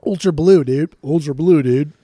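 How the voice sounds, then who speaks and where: A man co-hosting a casual music podcast, ranting and swearing freely in an animated way. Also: on the high side, normal speed, no room sound, studio quality. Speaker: podcast co-host.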